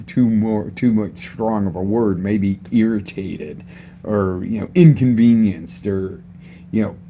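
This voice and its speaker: A man's voice: fairly low pitch, dark tone, slight background noise. A man coaching live, talking unscripted and asking his listeners questions about their week and their state of mind. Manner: conversational, asks the audience questions. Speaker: motivational coach. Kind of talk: unscripted live motivational talk. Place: live broadcast setup.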